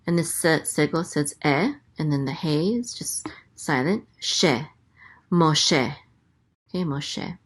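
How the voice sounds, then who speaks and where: Slow, patient woman teaching Hebrew letters. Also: low-pitched, slightly rough. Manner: slow, patient, repeats each sound. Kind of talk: letter-by-letter language lesson.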